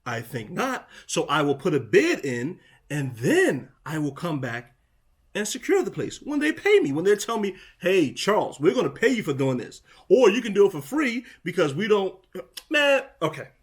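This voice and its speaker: A man's voice: high-pitched, huge pitch swings, normal speed, slightly rough. A man narrating a vlog outside a vacant house, growing more and more exasperated. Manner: exasperated, building up heat. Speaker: property manager vlogger.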